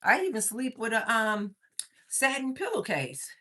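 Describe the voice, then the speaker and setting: This livestream host is a woman from Missouri, USA, who chats casually, reads viewer comments aloud and laughs often, a little out of breath from moving around. Her voice is fairly high with big pitch swings, an unhurried pace and a sharp tone.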